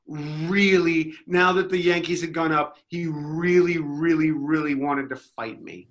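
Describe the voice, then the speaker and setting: A man's voice: fairly high pitch, fairly even intonation, a little slow, hardly any pauses, echoey room. A man on a comedy podcast panel telling a rambling story full of restarts. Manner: rambling, with many restarts and loud mocking impressions.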